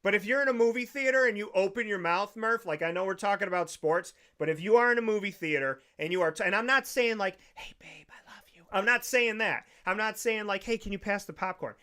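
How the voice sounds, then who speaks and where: Emphatic male talk-show host, slightly high, bright and forceful delivery. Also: fast, few pauses. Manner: emphatic, preachy, repeats phrases. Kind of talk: opinionated podcast rant.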